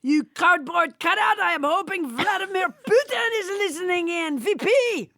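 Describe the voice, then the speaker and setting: A woman's voice: extremely high pitch, expressive, normal speed, fairly bright tone, no room sound, studio quality, voice pushed up, exaggerated voice. A woman voicing a pompous male puppet president with a French tinge, boasting and proclaiming. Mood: blustering. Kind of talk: improvised puppet bit.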